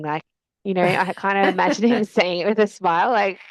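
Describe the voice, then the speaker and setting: A woman's voice: medium pitch, a little fast, no room sound, poor audio. A woman author talking as a podcast guest in a casual, hesitant way, filling her sentences with "like" and "um". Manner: hesitant, many fillers like "like" and "um". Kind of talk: casual faith conversation.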